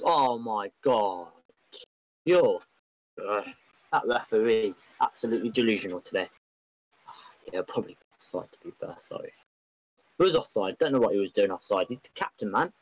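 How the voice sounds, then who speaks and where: A man giving excitable, rambling, openly biased live commentary on an online football match. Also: mid-range voice, moderate pace, rough recording.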